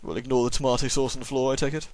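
A man's voice: medium pitch, little pitch movement, very fast, a little mellow, no room sound. A man with a sore throat giving jokey, sarcastic commentary while playing a horror game. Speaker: let's play host. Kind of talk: gameplay commentary.

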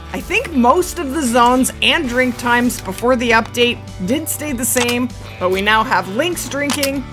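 A woman narrates her hunting game session with a bright, keen voice that sits a little high. She explains things steadily but gets excitable and squeals when the action turns tense. Soft game music plays faintly under her. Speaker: gaming YouTuber. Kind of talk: game commentary.

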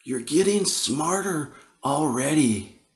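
A man voicing a wise, teasing old grandmother in a spoken folk tale, slow and gentle. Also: on the high side, expressive, pitched above the performer's own voice.

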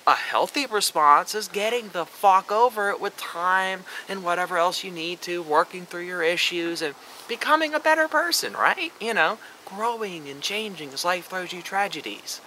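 A man's voice: high-pitched, lively intonation, moderate pace, bright, forceful tone, slight background noise, rough recording. A man vlogging a ranting commentary, sarcastic and profane, mocking what he criticizes.

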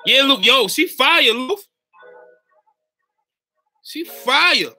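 Very bright, slangy man chatting on stream. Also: very high-pitched, very slow, soft background music. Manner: slangy, animated, keeps checking in with "you know what I mean". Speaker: YouTuber live-chatting with viewers. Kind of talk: casual livestream chat.

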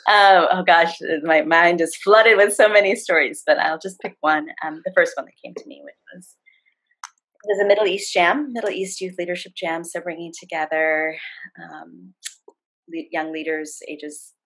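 Low husky woman with a gravelly edge. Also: normal speed, rough recording. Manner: warm, animated retelling with acted-out quotes. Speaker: facilitator and guest. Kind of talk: storytelling in a conversation.

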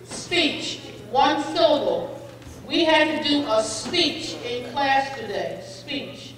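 A woman pronouncing spelling bee words slowly and clearly, with definitions and example sentences, encouraging each speller. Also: high voice, expressive, a bit bright. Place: school gym or hall. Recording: echoey hall, far from the mic, faint crowd.

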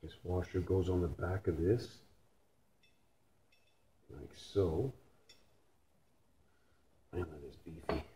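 A man's voice: sits low, slow pace, pauses often, warm tone. A Canadian man with a Canadian accent rebuilding a transmission in his repair shop, talking casually with blunt jokes and swearing. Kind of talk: casual shop talk while working. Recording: noisy shop recording.

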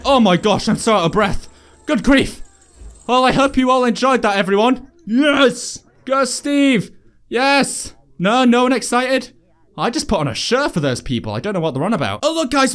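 Upbeat young male game host, high-pitched, talks excitedly to his enemies while he plays. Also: a little hiss or hum. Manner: excitable, playful, chatty with enemies. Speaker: gaming video host. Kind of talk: VR gameplay commentary.

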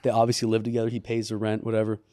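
A man co-hosting a casual studio podcast, telling an animated story and acting out the people in it. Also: on the low side, rapid-fire. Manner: animated storyteller, acts out quotes in raised voice. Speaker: podcast co-host.

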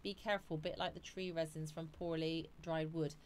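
A woman's voice: sits low, fairly even intonation, normal speed, slight background noise. A woman hosting a live stream, chatting casually and reading viewer comments aloud.

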